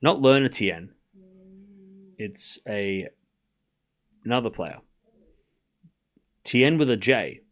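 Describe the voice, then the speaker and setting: This man speaks on the low side, with an animated delivery. Running a live tennis watchalong, he calls the score and chats casually with his audience, addressing the live chat directly with quick asides and restarts.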